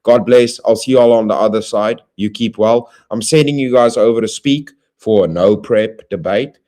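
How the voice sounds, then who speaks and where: A man hosting a livestream, closing with rambling, friendly shout-outs to viewers in playful slang. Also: lowish voice, moderate pace. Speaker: livestream host. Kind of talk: casual stream sign-off.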